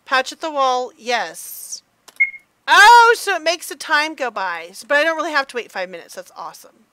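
A middle-aged mom chatting excitedly through a let's play, gasping and squealing as she goes. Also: sits high, normal speed, no echo. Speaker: gamer mom playing a game.

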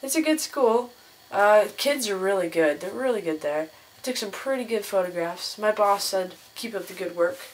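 A woman's voice: lively intonation, moderate pace. A young woman vlogging casually to her camera, chatty and laughing often as she tells stories. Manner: chatty, laughs often, mimics others in a higher voice. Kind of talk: casual chat.

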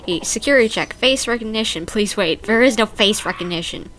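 A woman's voice: medium pitch, expressive, fairly quick, fairly bright tone, soft background music. Chatty young woman gamer. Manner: chatty, playful, reads game text aloud. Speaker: let's play gamer. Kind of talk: casual gameplay commentary.

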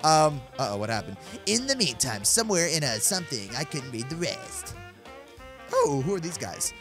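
A man hosting a gaming video, excitedly reacting to the game and reading its text aloud. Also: high voice. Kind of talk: excited gameplay commentary.

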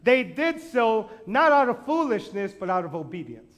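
A male pastor preaches with lively, self-mocking humor and quick acted-out asides. His voice sits high for a man. He builds to emphatic, repeated declarations. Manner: animated, self-deprecating humor, acts out quotes. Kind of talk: sermon.

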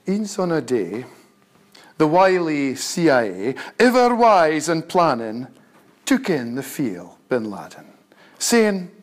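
A man reciting verse in a broad North-East Scots accent, a little above the usual pitch for a man. He takes each line slowly and deliberately. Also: big pitch swings. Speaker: poet. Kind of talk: poetry recital.

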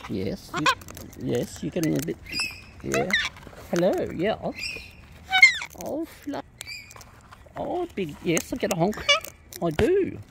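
A woman's voice: lowish voice, big pitch swings, slow, vocal fry, long pauses. Sing-song woman cooing at her birds. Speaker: bird keeper filming her pets. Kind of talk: casual talk to pet birds. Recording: loud background noise with bird calls. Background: birds squawking and honking.

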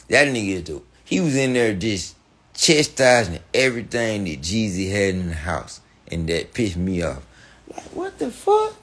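A man telling a heated, profane story on a podcast, repeating himself and breaking into animated outbursts. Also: lowish voice. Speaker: podcast guest.

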